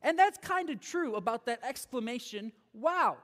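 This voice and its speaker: Male pastor with a very high voice, preaching energetically in a church hall with long reverb. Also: moderate pace. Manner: energetic, repeats phrases, checks in with "okay?". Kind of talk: sermon.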